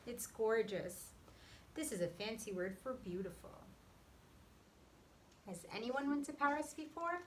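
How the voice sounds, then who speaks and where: A woman teacher reading a picture book aloud to young children, pausing to explain words and ask the class questions. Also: fairly high pitch, animated, a little hiss or hum, rough recording.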